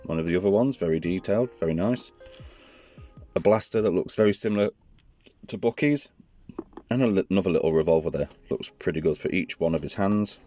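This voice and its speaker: A man with a very low, deep, warm voice does a hands-on toy review, chatty and rambling and often correcting himself mid-sentence. He's animated and talks a little fast, with faint music underneath.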